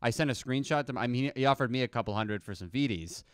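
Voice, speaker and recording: A man's voice: medium pitch, fast talker, clean tone, no room sound, clean studio sound. A young man, a comedian guest, rambling through self-deprecating stories in casual chat. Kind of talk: casual storytelling.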